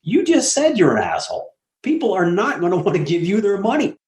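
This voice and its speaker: A middle-aged apartment syndicator, guesting on an interview, tells stories bluntly and profanely, acting out the voices of people he quotes. His voice is high and a little fast. The casual talk is recorded in an echoey room.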